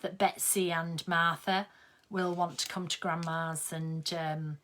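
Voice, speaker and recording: A woman's voice: fairly low pitch, flat delivery, takes it slowly, fairly bright tone, slight background noise. An older woman, chatting casually and rambling while she sews on a live stream. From England. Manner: chatty, rambling, with many ums. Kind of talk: casual chat while sewing.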